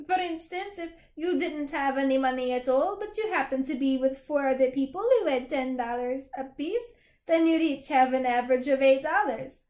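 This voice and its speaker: A woman's voice: high voice, normal speed, a little mellow, roomy sound, natural voice. A woman voicing a cheerful little boy who is precise and matter-of-fact, explaining things patiently, in a storybook reading.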